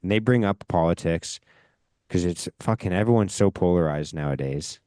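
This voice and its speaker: A man's voice: low voice, normal speed, dark tone, clear, resonant tone, dry recording, studio quality. A man from Canada hosting a podcast, telling a rambling story in casual chat, swearing often and speaking with emphasis. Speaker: podcast host.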